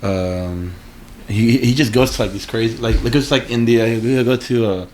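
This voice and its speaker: A man's voice: medium pitch, fairly even intonation, normal speed, a little mellow, slight background noise. A man in a casual interview, rambling with lots of fillers and slang. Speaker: artist guest.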